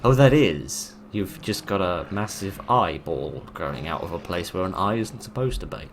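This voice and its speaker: A man's voice: deep voice, animated, normal speed, fairly bright tone, a little hiss or hum. A man giving dry, sarcastic let's play commentary while he plays a horror game. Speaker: gaming video narrator.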